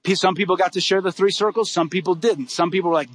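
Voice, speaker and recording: A middle-aged man preaching a sermon, telling a story with lively acted-out dialogue. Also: high voice. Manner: animated, acts out dialogue in quick bursts. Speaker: pastor.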